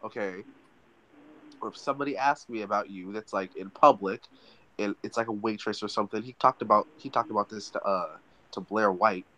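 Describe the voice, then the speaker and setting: A man's voice: lowish voice, a little fast, rough recording. Profane, rambling male podcast co-host. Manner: profane, rambling, animated retelling. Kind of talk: casual chat.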